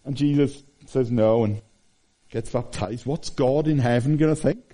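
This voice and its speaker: A man's voice: mid-range voice, a little slow, warm tone. A man in his forties preaching a sermon, telling stories animatedly with fillers and restarts.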